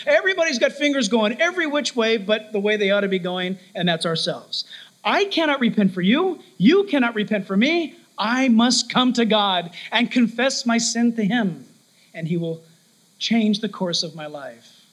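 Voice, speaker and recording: Brief: male preacher, very high voice, animated sermon storyteller, calls out key words. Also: normal speed, poor audio.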